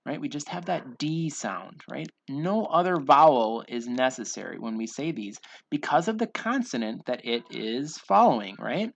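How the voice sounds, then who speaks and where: A man's voice: mid-range voice, expressive, normal speed, vocal fry, no room sound. A man teaching English pronunciation in an online lesson, patiently repeating each word for students to drill.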